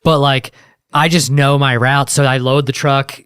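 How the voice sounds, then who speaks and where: Male guest, mid-pitched, easygoing griper with salty humor. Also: fairly even intonation, unhurried, a bit bright, clear, resonant tone, no echo. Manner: laid-back, swearing, mocking customers in put-on quotes. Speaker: guest, mail carrier and comedian. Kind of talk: casual chat.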